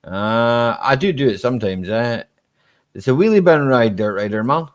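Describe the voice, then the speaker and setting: A Scottish man hosting a casual live-stream chat, relaxed and chatty, laughing easily and tagging his sentences with "eh?". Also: mid-range voice, moderate pace. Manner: relaxed and chatty, ends lines with "eh?".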